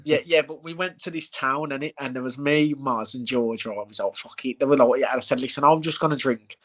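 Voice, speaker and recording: A man chats casually on a live stream, at a middling pitch, as he talks about his own fights. He tells animated stories, swears freely and acts out what people said. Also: brisk. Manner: animated storyteller, heavy swearing, acts out quotes. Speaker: bare-knuckle fighter.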